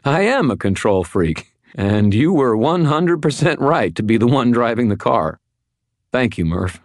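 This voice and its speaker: A man's voice: sits low, moderate pace, no room sound, studio quality, close to an everyday voice. A man voicing a wry, wisecracking male wizard in an audiobook. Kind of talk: audiobook character voice.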